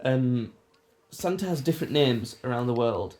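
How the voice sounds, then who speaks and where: A man's voice: medium pitch, lively intonation, normal speed, darkish tone. Young man joking on a casual podcast. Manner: joking, teasing, laughs often. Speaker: podcast host. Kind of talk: casual chat.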